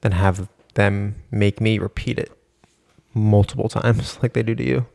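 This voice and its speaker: Young male co-host, tired, deadpan teasing, low gravelly voice, dry close sound. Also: measured pace, no echo. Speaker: podcast co-host. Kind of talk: casual chat.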